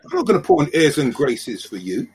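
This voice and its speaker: An older man with a South London accent, a sociologist guest on a podcast, telling lively stories and acting out quoted dialogue. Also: a little high, brisk, husky. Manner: animated storyteller, acts out quoted dialogue. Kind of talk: conversational podcast interview.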